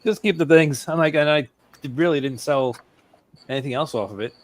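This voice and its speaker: A man telling a casual story as a guest, halting and repeating himself, laughing at his own tale. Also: fairly high pitch, dry recording.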